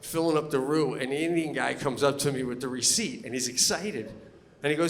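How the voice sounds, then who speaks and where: A man's voice: mid-range voice, brisk. A man performing stand-up comedy on a theater stage, telling stories animatedly and acting out the voices of people he meets. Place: theater stage before a live audience. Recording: live hall with long reverb. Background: audience laughter.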